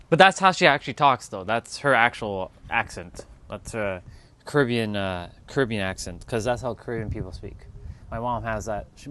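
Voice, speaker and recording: A man's voice: on the low side, a bit bright. A man hosting a casual livestream who chats in a laid-back, musing way and laughs easily. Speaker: livestream host.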